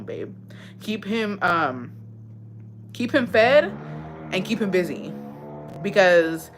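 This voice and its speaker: Woman on a podcast, slightly low voice, swears a lot, tosses in spanish words, super casual. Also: a bit bright. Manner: blunt, profane, mixes in Spanish phrases. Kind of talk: casual chat.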